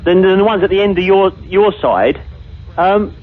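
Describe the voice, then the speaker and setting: Earnest, musing caller, high and lively. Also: male voice, moderate pace. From Hertfordshire. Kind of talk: phone-in chat. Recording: tinny phone line.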